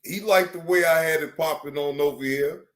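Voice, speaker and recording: A man doing loud, profane reaction commentary, laughing a lot and repeating himself. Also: a little high, normal speed, roomy sound. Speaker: reaction streamer.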